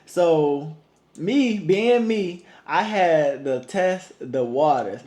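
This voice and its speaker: A man's voice: fairly high pitch, animated, drawn-out words, warm tone. A man co-hosting a talk show, reading a listener's story aloud with playful asides. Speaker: co-host.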